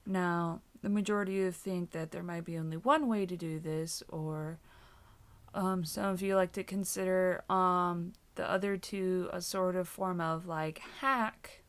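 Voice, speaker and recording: A young woman hosting a casual software tutorial, explaining things in a rambling way with lots of fillers. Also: fairly low pitch, steady tone, unhurried. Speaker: tutorial host.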